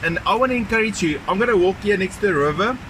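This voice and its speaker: A man's voice: high-pitched, expressive, quick pace. A man hosting a ministry video, earnestly introducing a speaker while he walks outdoors beside a river. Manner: earnest, encouraging. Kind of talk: casual spoken introduction while walking. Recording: outdoor noise behind.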